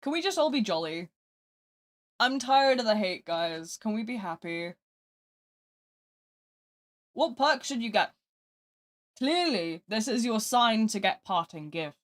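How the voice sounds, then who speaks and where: A British live streamer chatting casually and rambling while gaming, swinging between loud asides and quiet mutters. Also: mid-range voice, very animated, a little slow, long pauses.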